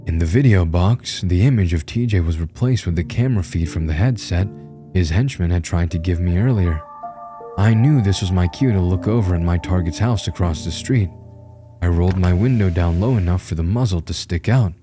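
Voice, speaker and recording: A man's voice: sits low, a little fast, music in the background. A man narrating a first-person horror story in a tense, grim storytelling manner.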